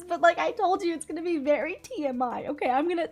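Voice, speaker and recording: A young woman with a high, bright-sounding voice chats straight to the camera in a lively, animated way. She talks close to the mic and laughs as she tells her story, and faint music plays underneath. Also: a little fast. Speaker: YouTuber. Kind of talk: casual storytime chat to camera.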